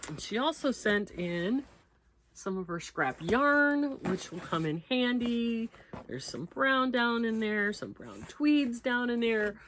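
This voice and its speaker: A woman's voice: a little high, big pitch swings, slow pace, fairly bright tone, a little hiss or hum. A woman hosting a crochet channel, chatting casually as she opens mail, reading out notes and thanking the senders. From United States. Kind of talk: casual unboxing chat.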